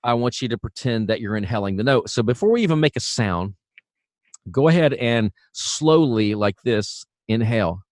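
A man teaching singing in a relaxed, chatty way, full of fillers and restarts. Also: medium pitch, normal speed, no echo, clean studio sound. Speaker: vocal coach. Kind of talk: casual instructional talk.

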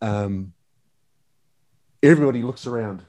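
A man's voice: medium pitch, unhurried, a little mellow. A man, talking as an enthusiastic, slangy guest in a casual interview. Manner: enthusiastic, slangy, calls the host mate.

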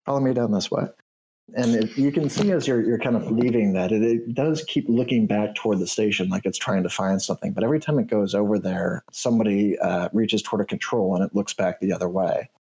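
A man narrating as game master of a tabletop role-playing game, halting and full of fillers. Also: fairly low pitch, mellow, breathy edge, rough recording.

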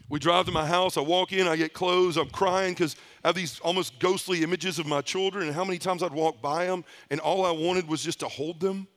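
A man's voice: high voice, a bit bright. A middle-aged man giving a personal testimony at a conference, telling his story in a heartfelt way, often in the present tense. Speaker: conference speaker. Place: conference hall stage.

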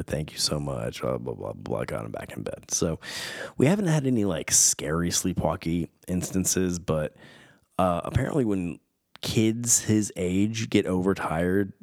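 A man hosting a podcast, rambling through a home story with tangents and self-deprecating asides. His voice sits very low and deep. The sound is dry and close, with no room around it. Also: a little mellow, dry recording. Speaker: podcast host, father. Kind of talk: casual rambling monologue. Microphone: studio microphone.

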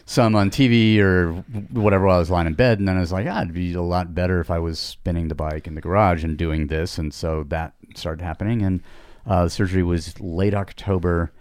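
A man's voice: deep voice, steady tone, fairly quick, darkish tone, smooth, no room sound, clean studio sound. A middle-aged man telling a long casual story on a podcast, rambling with many restarts and asides. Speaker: podcast guest.

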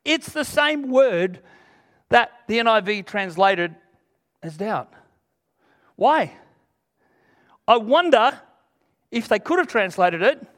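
A man's voice: high voice, big pitch swings, takes it slowly, pauses often, a bit bright. A man preaching a sermon to a congregation, earnest and emphatic, retelling scripture in everyday speech.

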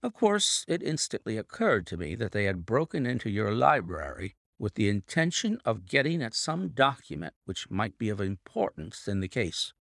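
A man reading Sherlock Holmes, low and gravelly. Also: big pitch swings, moderate pace, few pauses, fairly bright tone, no room sound, clean studio sound, heavily acted. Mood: explaining. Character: Sherlock Holmes, brilliant male detective explaining. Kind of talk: audiobook reading.

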